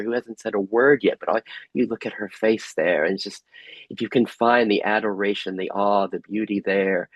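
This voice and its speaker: A man leads a group workshop over a video call. His voice is low and husky, and the sound is dry and close. He asks gentle, inviting questions. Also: no room sound, lo-fi sound. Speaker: workshop facilitator. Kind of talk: guided group workshop facilitation.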